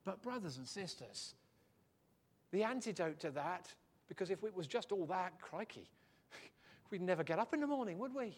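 A male preacher, delivering a sermon in church. His voice sits high for a man, and he swings his pitch and loudness widely to drive points home. The delivery is animated and jokey. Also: normal speed, pauses often.

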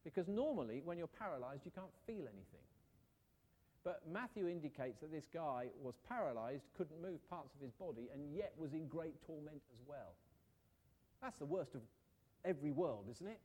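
Man, sermon, conversational, rhetorical questions, slightly high voice. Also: lively intonation, moderate pace, a little mellow, husky. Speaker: preacher.

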